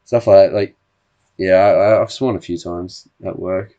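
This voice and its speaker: A man's voice: low voice, fairly even intonation, a little slow, warm tone, dull audio. An Australian man co-hosting a casual podcast, telling a story bluntly and swearing freely. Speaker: podcast co-host. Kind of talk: casual chat.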